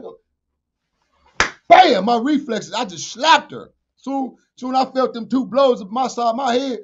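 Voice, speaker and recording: A man, a podcast guest telling a street story with profanity, acted-out dialogue and shouted sound effects. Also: very high-pitched, creaky, breathy edge. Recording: dull lo-fi podcast audio.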